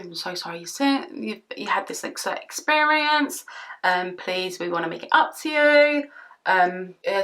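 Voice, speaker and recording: Young British woman, beauty vlogger, bright tone, chatty and rambling. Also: medium pitch. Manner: chatty, rambling, exasperated retelling. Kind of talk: casual storytime while doing makeup.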